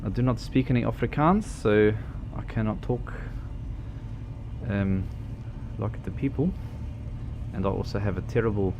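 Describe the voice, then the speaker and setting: A man's voice: fairly low pitch, a little slow. A man, talking loosely on a livestream at a home setup. He wanders through his thoughts with lots of ums and restarts, and pokes fun at himself. A faint hum of ambience sits behind him. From New Zealand. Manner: rambling, hesitant, many fillers and restarts; self-deprecating, joking. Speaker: game streamer. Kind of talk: casual livestream chat while driving in a game.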